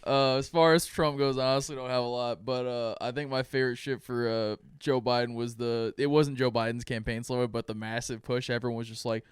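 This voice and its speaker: A man in his twenties co-hosting a podcast, telling stories in a profane, animated way and laughing. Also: medium pitch, brisk, hardly any pauses, clear, resonant tone, no echo, studio quality. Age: 20s. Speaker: podcast co-host. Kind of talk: casual comedic chat.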